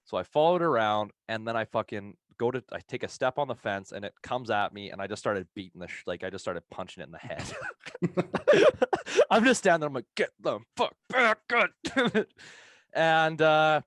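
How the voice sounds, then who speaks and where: A low-pitched man tells a long, rambling story on a podcast, swearing freely and laughing between lines. His voice is dry and close to the mic, with no room sound around it. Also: lively intonation, a little fast, a bit bright, no room sound. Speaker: podcast co-host telling a story.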